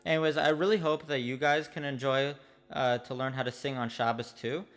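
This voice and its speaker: A man telling a comic personal story in a deadpan, mock-earnest way. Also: medium pitch, fairly quick, big-room sound. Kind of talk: comedic personal monologue.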